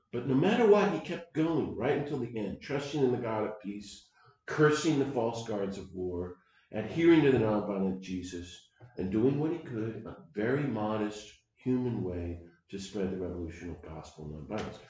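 A man in his sixties from the United States, telling personal stories as a podcast host in an animated, digressive way. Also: on the low side, normal speed. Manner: animated and digressive, swinging between loud bursts and quiet asides. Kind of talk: personal storytelling. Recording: very echoey room.

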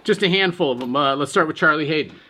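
A male host guides a casual interview in an easygoing way. His voice sits a bit high for a man. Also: quick pace, sharp tone, husky. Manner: easygoing, brief affirmations. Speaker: podcast host.

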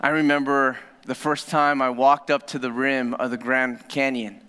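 A male pastor preaching a sermon, often dropping to a low, soft voice to stress a point. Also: little pitch movement, moderate pace, clean tone. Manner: dramatic drops to a low soft voice for emphasis. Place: church hall. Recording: reverberant church hall.

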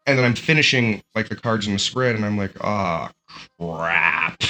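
A man telling a personal story in a casual, animated way, with lots of fillers and restarts. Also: on the low side, fast.

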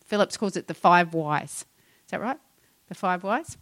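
A middle-aged woman pastor, preaching in a conversational and animated way and acting out her own complaints. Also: fairly low pitch, normal speed. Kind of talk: sermon.

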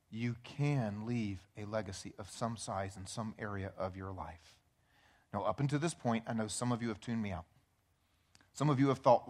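A man preaching a sermon to his church, emphatic and repetitive, often dropping to quiet low phrases. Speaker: pastor. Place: church sanctuary.

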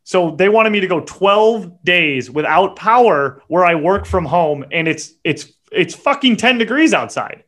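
A man hosting a podcast, telling a story in a profane, animated rant and muttering quick asides. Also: sits high. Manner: animated and profane, voice jumps up when acting out his own yelling. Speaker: podcast host.

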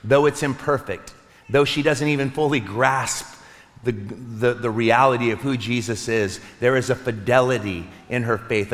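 Earnest pastor in a reverberant hall. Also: male voice, on the low side. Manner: earnest, with soft slowed pauses. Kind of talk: Easter sermon. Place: church sanctuary. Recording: long reverb of a large hall.

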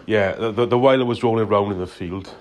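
Very low-voiced man swearing constantly. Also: fast talker. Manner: loose, meandering storytelling. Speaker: caller. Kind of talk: rambling phone-in story.

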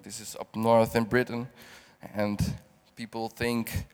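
In a hall with long reverb, a Dutch guest preacher of middle age shares emotional testimony in a heartfelt sermon, halting and repeating words as he restarts. His lowish voice is level, a little mellow, clear and resonant.

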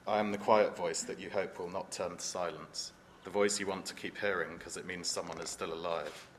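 A man reading as a teenage boy trapped alone in the dark, in a solemn, measured reading voice with no put-on accent. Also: deep voice, fairly even intonation, slight background noise, lightly acted. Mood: haunted. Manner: solemn, measured reading in his own unaccented voice. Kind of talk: reading aloud from a novel.

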